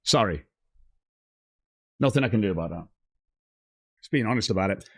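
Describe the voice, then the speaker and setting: A man with a somewhat low, breathy voice rants angrily on his livestream at a normal speed, staying animated as he swears a lot and reads off chat. There is no echo on the recording.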